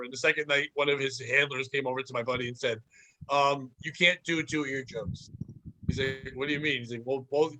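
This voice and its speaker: Male comic co-host, bright tone, storytelling banter. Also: mid-range voice. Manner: joking, storytelling, quick banter. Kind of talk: casual comedy chat.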